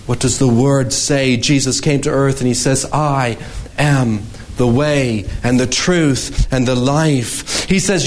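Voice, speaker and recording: A man preaches from the pulpit at a slow, deliberate pace. His middle-pitched voice stays measured, then climbs high and urgent when he quotes scripture. Every phrase is weighted and emphatic. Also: rough recording. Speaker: pastor. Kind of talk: sermon.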